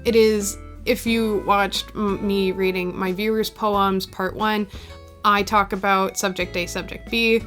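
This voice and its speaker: A woman poet walks through her own drafts in an easygoing, chatty way, poking fun at herself as she goes. Her voice sits at an ordinary middle pitch. Soft guitar music plays faintly underneath. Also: level tone, measured pace. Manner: chatty, self-deprecating, laughs at herself. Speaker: poet explaining her editing.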